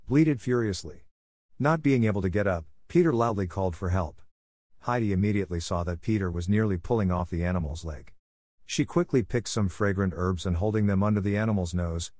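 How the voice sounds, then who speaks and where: A man narrating a children's story aloud in a steady storytelling manner. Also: sits low, brisk, dry recording. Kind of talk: audiobook reading.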